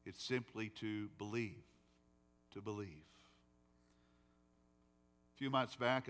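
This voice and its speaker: A male pastor preaching a sermon and telling a story, swinging between loud emphasis and quiet, soft passages. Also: a little high, in a large hall. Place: church sanctuary.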